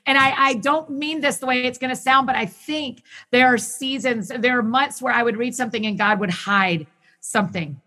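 A woman talking as a guest in a casual conversation, enthusiastic and quick in bursts, often restarting her sentences. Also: a little high, pushed and bright. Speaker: podcast guest who hosts her own show.

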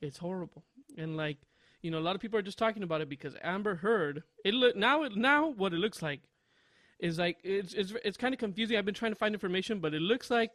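A young man co-hosting a podcast, rambling and laughing loudly at his own stories. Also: high voice, lively intonation, fast, no room sound. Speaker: podcast co-host. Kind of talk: casual podcast chat.

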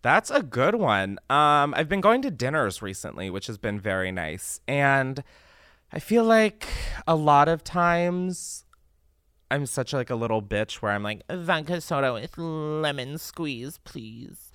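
A man's voice: mid-range voice, sing-song, unhurried, fairly bright tone, smooth, no echo, clean studio sound. A young man hosting a podcast, chatting casually in a campy, profane way. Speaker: podcast host.

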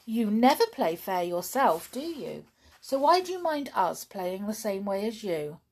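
A woman's voice: mid-range voice, big pitch swings, unhurried, breathy edge, voice pushed up, exaggerated voice. A woman voicing an honest, truthful little girl who speaks earnestly. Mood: surprised.

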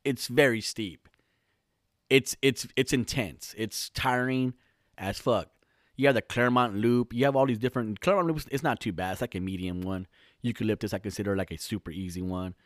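This man, who lives in Southern California, delivers a lengthy comedic tale on his own podcast, rambling, cursing heavily, and starting over often. His voice is fairly low and his pace moderate, captured in studio quality with no echo.

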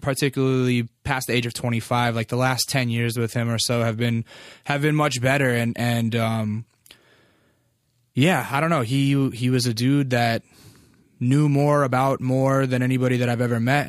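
A man's voice: medium pitch, dry recording, clean studio sound. A man in his thirties telling a personal family story in a loose, candid, filler-heavy way, swearing freely. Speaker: vlogger.

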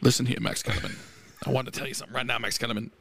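A man doing an impression of a loud, ranting male sports pundit on a podcast, shouting and stretching his words. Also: mid-range voice, steady tone, creaky, crowd noise, natural voice. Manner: shouting, emphatic, drawn-out words.

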